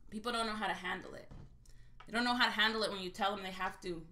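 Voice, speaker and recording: Woman, casual live-stream chat, blunt, salty, storytelling, crisp bright tone. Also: mid-range voice, fairly even intonation, fast talker. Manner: blunt and salty, swears freely; chatty storyteller. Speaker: livestream host scratching lottery tickets.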